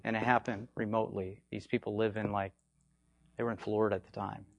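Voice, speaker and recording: Guy preaching about healing, kinda hoarse, gets loud then drops low, keeps saying okay, dry sound. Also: fast talker, dry recording. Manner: animated, swings between loud bursts and low asides; repetitive, conversational, frequent "okay?" check-ins. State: hoarse from frequent yelling. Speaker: faith healing minister. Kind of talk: informal spoken teaching.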